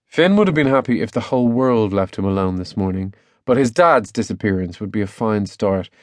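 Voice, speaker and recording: A man narrating a children's novel as an audiobook, lively storytelling with many character voices. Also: on the low side, brisk, no echo.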